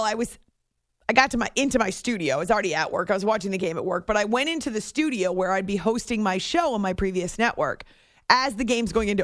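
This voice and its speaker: A woman hosting a sports radio show, telling a story on air in a chatty, animated way that often breaks off mid-sentence. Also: medium pitch, no room sound, studio quality. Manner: chatty, animated, self-interrupting. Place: radio studio. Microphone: studio microphone.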